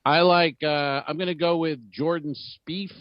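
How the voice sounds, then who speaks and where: A man's voice: a little high, steady tone, no room sound. Chatty male podcast co-host, dull dry sound. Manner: chatty, quick asides, rambling. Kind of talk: casual comedy podcast chat.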